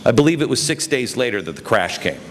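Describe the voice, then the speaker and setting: A man giving an emphatic political speech at a conference, his voice swinging between quiet and loud. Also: medium pitch, sing-song, fast talker. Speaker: speaker. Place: conference hall. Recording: reverberant hall, faint noise.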